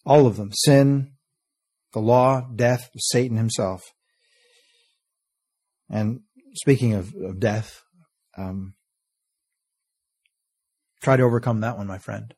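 A man preaching a sermon, earnest, reading scripture slowly and letting phrase ends fall soft. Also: medium pitch, steady tone, slightly rough. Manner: earnest, often trailing off softly at phrase ends; reads scripture in slow, stressed King James cadence.

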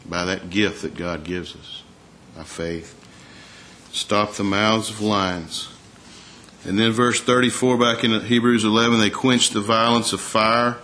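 Low-voiced man preaching a sermon. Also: fairly even intonation, bright, forceful tone, slight background noise. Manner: conversational preaching with rhetorical questions to the congregation; reads scripture aloud in a slower, raised voice.

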